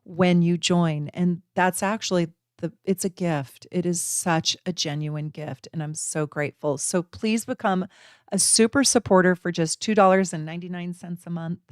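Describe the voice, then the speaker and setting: A woman hosting an astrology channel, talking casually to camera as an animated storyteller who laughs and acts out voices. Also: on the low side, normal speed, dry recording, studio quality.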